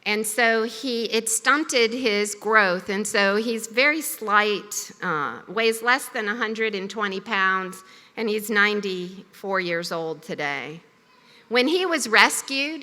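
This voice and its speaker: A woman giving a formal commencement speech at a podium in a ceremony hall, with a measured, deliberate delivery. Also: mid-range voice, sharp tone. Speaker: commencement speaker. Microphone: podium microphone. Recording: long reverb of a large hall.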